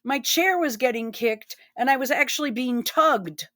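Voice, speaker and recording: A woman's voice: high-pitched, normal speed, pushed and bright. A woman giving blunt, profane and emotional commentary while reacting to news clips. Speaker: online commentator.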